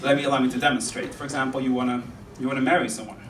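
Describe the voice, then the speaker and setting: A man's voice: mid-range voice, steady tone, rapid-fire. A young man performing a stand-up comedy set on a club stage, rambling and chatty, laughing at his own jokes. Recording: roomy club sound from a distance with crowd noise.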